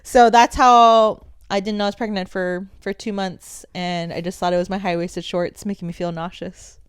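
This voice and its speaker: A woman's voice: mid-range voice, moderate pace, smooth, no room sound, studio quality. A young woman co-hosting a podcast, telling a story in casual chat and laughing often as she acts out what others said. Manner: giggly storyteller, animated quoting of others. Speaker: podcast co-host.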